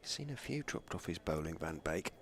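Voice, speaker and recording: A man giving live cricket commentary, chatty between balls and excitable when a chance goes down. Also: low voice, moderate pace.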